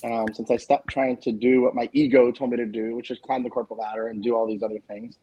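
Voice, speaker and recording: A man's voice: medium pitch, little pitch movement, fast talker, warm tone, muffled recording, a little hiss or hum. A man speaking as a guest on a video call, telling a heartfelt personal story. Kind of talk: casual chat.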